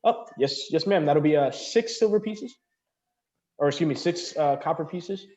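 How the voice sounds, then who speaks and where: A man's voice: on the high side, animated, normal speed, a little mellow, reverberant, voice pushed up, close to an everyday voice. A man voicing a young male tavern waiter who is eager to please and flustered.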